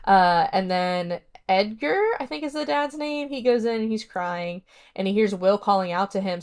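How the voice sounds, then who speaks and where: Woman doing a solo podcast, casual rambly chat, lots of "like", retells scenes by acting out the lines. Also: mid-range voice. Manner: chatty, rambling, many "like" fillers. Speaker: podcast host reviewing a horror film.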